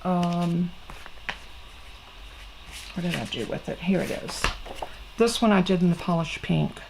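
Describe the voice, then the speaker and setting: A woman's voice: lowish voice, measured pace, vocal fry, noisy background. A middle-aged woman, hosting a casual craft tutorial in a chatty, folksy way and talking straight to her viewers. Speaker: crafting channel host.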